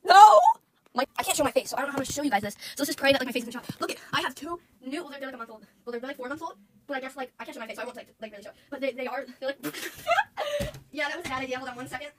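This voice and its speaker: A woman's voice: sits high, lively intonation, rapid-fire, very noisy. A young woman streaming, chatting casually and rambling to her chat, often giggling, close to the mic.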